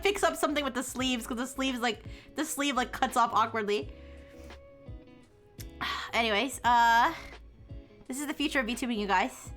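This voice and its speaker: A woman's voice: sits high, fairly bright tone. A young woman VTuber chatting casually on a live stream, giggly and rambling. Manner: giggly, rambling, self-mocking.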